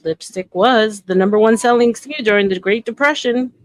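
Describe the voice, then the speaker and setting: A woman's voice: on the high side, a little fast, no room sound. A woman hosting a stream, chatting casually and emphatically. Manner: animated, emphatic storyteller. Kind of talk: casual chat.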